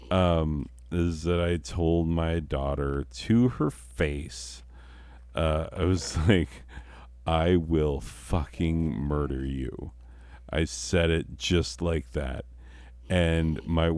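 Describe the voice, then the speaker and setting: A man's voice: deep voice, a little mellow, no echo. A middle-aged man and father, telling a story in a casual, profane, self-mocking way and laughing often. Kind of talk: casual storytelling while playing a game.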